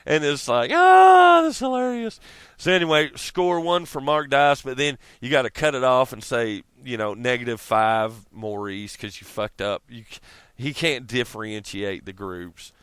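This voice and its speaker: A man's voice: mid-range voice, fairly even intonation, normal speed, fairly bright tone, clear, resonant tone, no echo. A man ranting casually to his viewers, profane and rambling, laughing often. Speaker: vlogger. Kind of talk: casual rant to camera.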